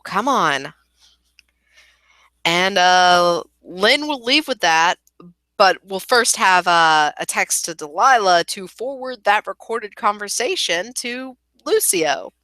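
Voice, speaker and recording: A woman running a tabletop role-playing game, narrating in a relaxed way. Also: medium pitch, slow pace, dry recording. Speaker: game master.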